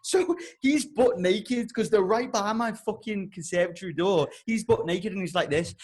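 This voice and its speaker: A young man on a podcast, telling a comic story with heavy swearing and loud, exasperated outbursts. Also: high-pitched, moderate pace, slightly rough. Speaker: podcast co-host.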